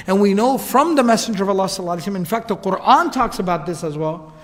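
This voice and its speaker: A man telling a religious story in a lecture, in a casual, animated way, acting out the quotes. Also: high-pitched, racing, long reverb tail. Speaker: Islamic lecturer.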